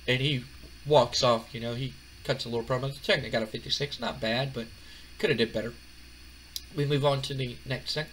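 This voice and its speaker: A man's voice: medium pitch, slight background noise. Rambling man narrating a wrestling sim. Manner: relaxed, rambling, many fillers. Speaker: gaming channel host. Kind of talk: casual let's-play commentary.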